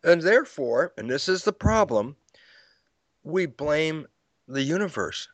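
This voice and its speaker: A man's voice: on the high side, very animated, unhurried, no room sound. An older man explaining ideas in an interview, acting out his own lecture stories with quoted dialogue and frequent laughs. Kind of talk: storytelling explanation in conversation.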